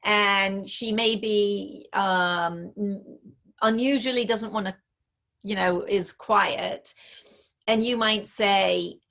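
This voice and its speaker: A woman's voice: medium pitch, fairly even intonation, slow, creaky, a bit bright. A woman author being interviewed over a video call, thoughtfully explaining parenting ideas through examples, with frequent fillers. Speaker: author and parenting expert guest.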